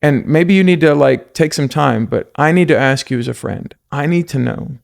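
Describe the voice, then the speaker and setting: A man's voice: on the high side, normal speed, creaky. A man from South Africa, a podcast guest, talking earnestly and from the heart in a coaching tone. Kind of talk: casual podcast conversation.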